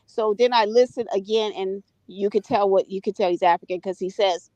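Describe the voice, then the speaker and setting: A woman's voice: medium pitch, fairly even intonation, brisk, few pauses, mellow, no echo. A woman from the United States chatting casually, retelling a story and often checking in with "right?" and "you know". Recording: dull, dry lo-fi audio.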